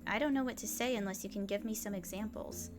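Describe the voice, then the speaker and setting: A woman voicing a sharp-tongued young woman scientist in a visual novel. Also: mid-range voice, fast, music in the background, natural voice. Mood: scornful. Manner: cutting, dismissive.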